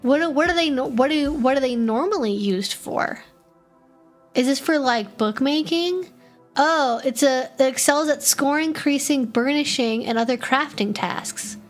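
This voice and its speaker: A woman's voice: sits high, measured pace. Chatty woman streamer, faint music. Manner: chatty, reads chat aloud, frequent fillers and restarts. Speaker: stream host answering chat questions. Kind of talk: casual live-stream chat.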